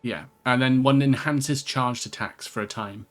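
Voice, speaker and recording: A man's voice: mid-range voice, unhurried, fairly bright tone. A man with a Welsh accent hosting a co-op let's play, chatting casually and joking around while he plays. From Wales. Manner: joking, playful, swears often. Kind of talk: casual gaming chat.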